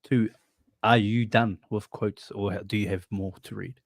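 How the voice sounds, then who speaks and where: A man's voice: fairly low pitch, steady tone, normal speed, vocal fry, no echo, studio quality. A man hosting a casual podcast, teasing his co-host and swearing freely.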